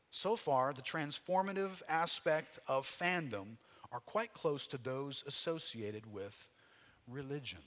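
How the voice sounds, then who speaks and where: A man preaching a sermon in a conversational, folksy way, rising loud and dropping low. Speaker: pastor.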